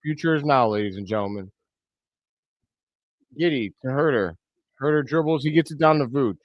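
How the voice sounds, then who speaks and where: A man hosting a live reaction stream, giving blunt, excitable play-by-play commentary with loud outbursts. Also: mid-range voice, moderate pace, no room sound, muffled recording. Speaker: host of a fan reaction stream.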